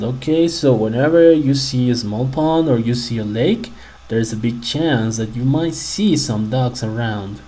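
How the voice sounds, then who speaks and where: A man's voice: medium pitch, expressive, warm tone, low-quality recording. A man teaching a simple English lesson to children, asking them many friendly questions. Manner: slow, patient, talks to kids with questions.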